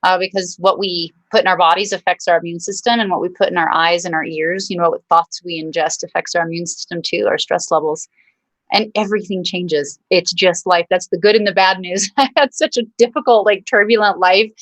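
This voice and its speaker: A woman singer, on as a guest, talks through her thoughts in steady, encouraging phrases. The sound is dry and close, and her voice sits slightly lower than most women's. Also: no room sound, low-quality recording. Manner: earnest and thoughtful, speaking in measured, encouraging phrases. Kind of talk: reflective interview talk.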